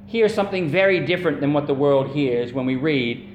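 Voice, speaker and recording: A man's voice: fairly high pitch, lively intonation, fairly quick, lo-fi sound. A man preaching a sermon as a pastor, earnest and emphatic, repeating phrases and drawing out key words. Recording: echoey room with faint hum.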